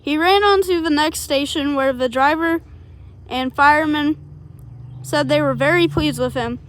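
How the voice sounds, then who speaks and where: A woman's voice: high-pitched, measured pace. A woman reading a children's storybook aloud in a plain, unpolished way, with small slips along the way.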